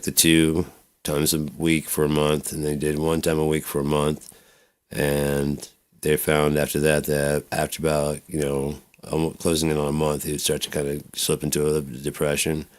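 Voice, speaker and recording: A man's voice: rumbling low, completely flat delivery, normal speed. A man talking through his own life in a rambling personal vlog, swearing freely and slipping into voices as he tells stories. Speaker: vlogger.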